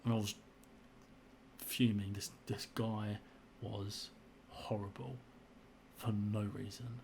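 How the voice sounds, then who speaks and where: A man's voice: fairly low pitch, flat delivery, takes it slowly, gravelly, darkish tone, a little hiss or hum. A young man tells his own story in a frustrated, indignant way, often repeating himself. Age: young adult. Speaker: vlogger. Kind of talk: personal story to camera.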